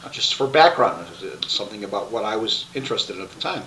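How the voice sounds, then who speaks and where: A man telling his life story to a webcam, rambling and halting with many restarts. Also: on the low side, animated, sharp tone, slight background noise, rough recording.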